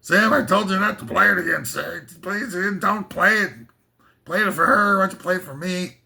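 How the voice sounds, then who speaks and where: A man voicing a terse, wry 1940s film tough guy, in a higher-than-usual voice with an old-movie delivery. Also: moderate pace, creaky, bright, forceful tone, exaggerated voice.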